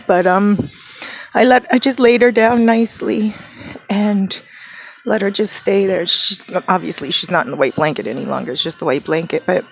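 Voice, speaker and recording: A woman's voice: medium pitch, gravelly. A woman vlogging from home near her garden, telling an emotional story casually, full of quoted dialogue and fillers.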